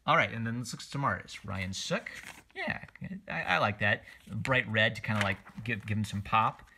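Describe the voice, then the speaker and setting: A man's voice: lowish voice, animated, moderate pace, bright, forceful tone, a little hiss or hum. A man casually reviewing comic book covers, rambling and opinionated, with lots of fillers and restarts. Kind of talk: casual commentary while flipping through covers.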